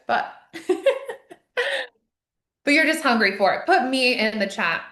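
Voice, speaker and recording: A young woman coach hosting a live online masterclass, gushing and energetic, swearing freely. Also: fairly high pitch, normal speed, long pauses. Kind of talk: hyped live-stream pep talk. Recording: echoey room.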